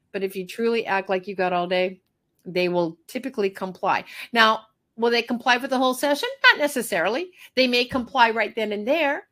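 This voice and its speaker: A middle-aged master groomer woman giving a workshop talk, animated, repeating phrases and acting out little dialogues. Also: fairly high pitch.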